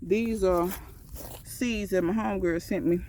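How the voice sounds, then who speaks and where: A woman strolls through her backyard garden, filming on her phone. She rambles in a folksy, chatty way, pointing out plants and talking straight to the viewers. Her voice sits at a middling pitch, neither high nor low. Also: fairly even intonation, unhurried, warm tone, a little hiss or hum. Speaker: home gardener giving a garden tour. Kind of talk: casual walk-and-talk tour. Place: outdoor backyard garden and greenhouse.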